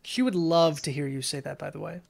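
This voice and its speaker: A man with a somewhat high voice co-hosts a casual stream. He answers in short, easygoing replies. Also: brisk, creaky. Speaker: stream co-host. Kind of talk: casual chat.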